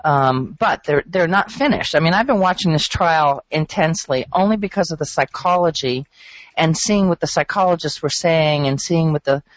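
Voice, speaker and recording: A woman's voice: sits low, moderate pace, no echo. Emphatic, incredulous woman on radio. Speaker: radio show regular who works with traders. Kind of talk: casual radio talk. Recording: dull, dry radio sound.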